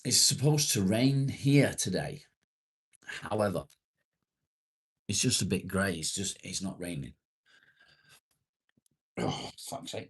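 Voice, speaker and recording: A man with a British accent, hosting a casual live stream and chatting with viewers. He reads their comments aloud, relaxed and conversational, with casual swearing. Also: sits low, slow, long pauses.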